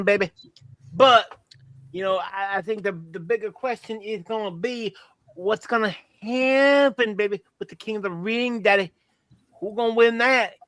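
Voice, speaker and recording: A man's voice: high voice, fairly bright tone, no echo. A man putting on a boastful, rambling old Southern wrestler on a podcast, with a put-on Texan drawl and calling everyone baby. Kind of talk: comedic impression on a podcast.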